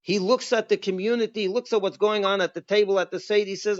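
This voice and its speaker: A man with a high voice gives a religious class as a rabbi. He teaches emphatically and keeps asking his listeners rhetorical questions. The recording sounds dull and lo-fi. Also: fairly even intonation, quick pace. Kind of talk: Passover class.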